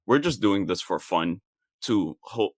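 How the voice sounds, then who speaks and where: A podcast host chatting casually and thoughtfully, asking long open questions. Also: male voice, low-pitched, lively intonation, measured pace, dry recording, studio quality. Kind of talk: casual interview chat.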